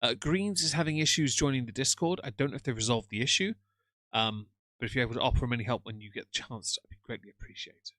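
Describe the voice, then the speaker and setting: A middle-aged man with a bright, forceful voice chats on a live stream and answers his viewers with dry, sardonic teasing. He sits close to a desk microphone, and the sound is dry and unroomy. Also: medium pitch, fast, dry recording. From England. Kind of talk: casual stream chat, reading comments.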